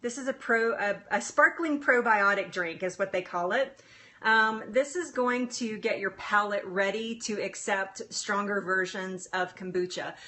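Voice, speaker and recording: A woman's voice: mid-range voice, a little slow, pushed and bright, a little hiss or hum. A woman health coach chatting on a live stream from her home kitchen on a phone, laughing often and easily moved as she answers viewers.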